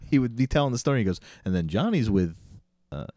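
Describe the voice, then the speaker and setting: A man with a low, dark voice talks loosely, laughing often and trailing off into restarts. His pitch jumps around a lot as he tells stories. The sound is dry and close. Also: big pitch swings, fast talker, dry recording. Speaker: podcast co-host. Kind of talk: casual chat.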